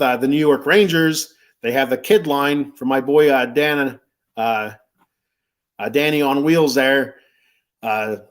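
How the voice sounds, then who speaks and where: Rambling man hosting a sports show. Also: medium pitch. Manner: rambling, filler-heavy, repeats himself. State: choked up. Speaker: sports podcast host. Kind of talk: casual live-stream sports talk.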